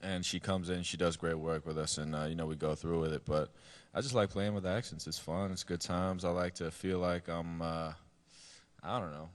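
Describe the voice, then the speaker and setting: A man with a low, deep voice and a West Indian accent speaks on a convention panel. He rambles loosely, trailing off into fillers and restarts. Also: fairly even intonation, normal speed. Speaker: panel guest actor. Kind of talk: casual panel chat.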